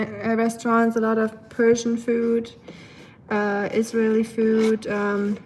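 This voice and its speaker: A woman's voice: a little high, a little hiss or hum, rough recording. Chatty nasal Southern woman streaming. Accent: Southern American. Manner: chatty, talks to her dog in a sing-song baby voice. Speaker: livestream host. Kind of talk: casual livestream chat. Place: home kitchen.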